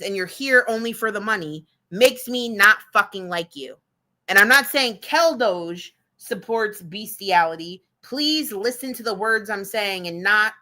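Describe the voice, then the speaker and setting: A woman livestreamer talks bluntly and swears freely, circling her points with fillers. Her voice is bright and forward. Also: mid-range voice. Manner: blunt, profane, rambling with fillers. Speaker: streamer reacting to clips. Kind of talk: casual livestream commentary.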